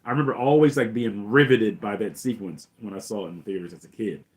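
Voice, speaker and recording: Rambling, excited middle-aged male host. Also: on the low side, quick pace. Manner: excited, rambling retelling with many fillers. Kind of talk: casual film recap commentary.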